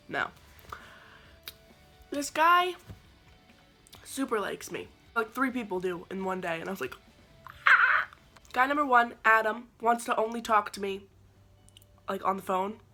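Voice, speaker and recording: Bright, animated young woman vlogger. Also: mid-range voice. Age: 20s. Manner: animated, sarcastic storytelling with quoted asides. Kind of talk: storytelling vlog.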